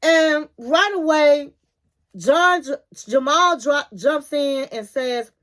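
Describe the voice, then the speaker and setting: Her voice sits high and she takes her time as she hosts an informal reality TV recap. With lively energy, she walks through the scenes, acts out the lines people said, and tosses in conversational asides.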